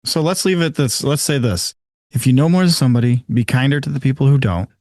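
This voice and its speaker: A man's voice: medium pitch, fast, a little mellow, dry recording, clean studio sound. Laid-back man chatting on a podcast. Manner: laid-back, acts out little quoted exchanges. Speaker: podcast co-host. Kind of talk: casual chat.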